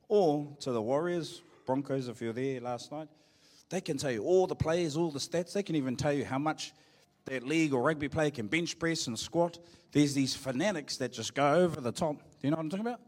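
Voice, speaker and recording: A man's voice: fairly high pitch, a little mellow. A middle-aged man with a New Zealand accent, preaching a live sermon in a large church and joking with the congregation. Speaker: pastor. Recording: long hall reverb.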